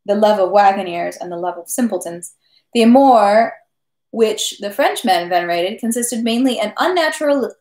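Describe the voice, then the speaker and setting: A woman reading a classic novel aloud at a steady pace, with small slips and self-corrections. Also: mid-range voice. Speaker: reader of a novel. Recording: echoey room.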